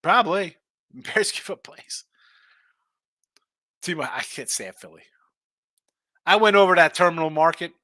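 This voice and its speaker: A man's voice: high-pitched, animated, unhurried, long pauses, sharp tone, no room sound. A middle-aged man hosting a sports betting show, chatting casually and bluntly ranting while reading viewer comments.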